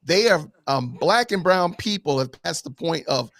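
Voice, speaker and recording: A man's voice: a little high, lively intonation, normal speed, creaky, a bit bright, no room sound. A man taking part in a live online panel discussion over a video call, arguing emphatically with many rhetorical questions. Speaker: panel guest.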